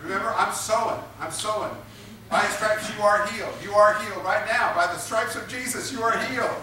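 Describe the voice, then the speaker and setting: A man's voice: high voice, a little fast, pushed and bright. A man preaching a sermon, emphatic and repetitive, drawing responses from his congregation. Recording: echoey room picked up from a distance.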